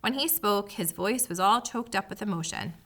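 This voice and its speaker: A woman reads a children's book aloud, telling the story expressively. Her voice is bright and clear, and her pitch rises and falls a lot. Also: expressive, moderate pace. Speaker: audiobook reader.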